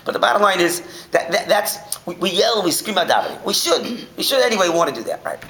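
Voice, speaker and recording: A man teaching a Torah class, telling stories in an animated way that swings from shouting to a near whisper. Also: high-pitched, quick pace, vocal fry, rough recording.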